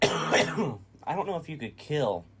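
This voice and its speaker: A man's voice: on the high side, big pitch swings, a little slow, heavy background noise. A man co-hosting a reaction video in casual chat, blunt and opinionated, swearing freely.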